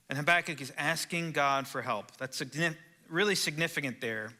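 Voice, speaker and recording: A man's voice: on the high side, normal speed, hardly any pauses, pushed and bright. A male pastor preaching a sermon in a church, earnest and conversational, asking his listeners direct questions. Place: church sanctuary.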